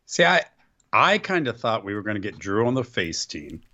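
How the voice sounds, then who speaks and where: A man's voice: fairly low pitch, very animated, moderate pace, bright, forceful tone, lo-fi sound. A man co-hosting a wrestling podcast, bantering in a playful, joking way and throwing in slang. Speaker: podcast co-host. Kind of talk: casual wrestling chat.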